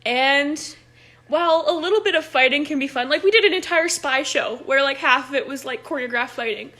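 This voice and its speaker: Young female improv coach, bright and sharp, casual and filler-heavy, talking into a phone. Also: sits high, a little fast. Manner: chatty, laughs often, many "like" fillers. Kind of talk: casual livestream talk.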